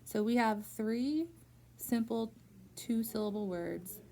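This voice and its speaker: A woman teacher works one-on-one through a phonics lesson in a school room. Her voice is mellow and dark, with a gravelly rasp at the bottom. She is patient and slowly draws words out syllable by syllable so they can be heard. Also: fairly high pitch, a little hiss or hum.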